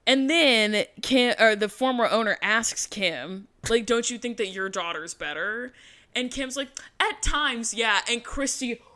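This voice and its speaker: A woman's voice: a little high, lively intonation, unhurried, sharp tone. Sarcastic woman podcast co-host. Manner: sarcastic, quotes people in mocking voices. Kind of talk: casual recap chat.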